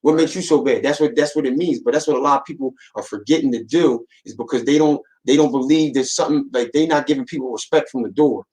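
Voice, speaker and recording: A man's voice: medium pitch, fast talker, few pauses, darkish tone, low-quality recording. A young man talking casually on a podcast, slangy and emphatic, often repeating himself as he makes his point. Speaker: podcast co-host.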